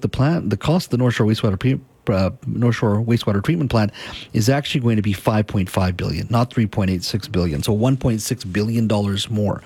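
A man hosting a radio call-in show. His voice sits low and a little husky, and he talks in a loose, halting way with plenty of fillers. The sound is dry and close. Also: a little mellow, dry recording. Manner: conversational, hesitant with fillers. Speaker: radio talk show host. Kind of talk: talk radio interview and call-in.

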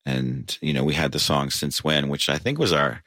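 Deep, bright-edged male musician, rambling storyteller, dry close sound. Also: normal speed, no room sound. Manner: rambling, frequent restarts and fillers, laughs. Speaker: band member interviewed. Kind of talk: casual interview storytelling. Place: basement of a tavern.

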